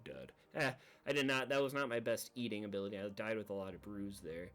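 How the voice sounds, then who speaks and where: A man giving casual, rambling commentary over his own gameplay video, laughing at his own panic and acting out quick asides. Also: fairly low pitch, a bit bright. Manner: rambling, self-deprecating, recounts panic with quoted asides. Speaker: gaming video creator.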